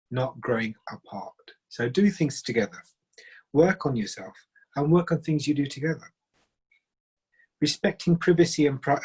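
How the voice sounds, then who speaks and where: A man speaks at a relationship seminar with a slightly husky voice. He is earnest and emphatic and sets out his advice in short, listed phrases. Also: medium pitch, rough recording. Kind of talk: seminar talk.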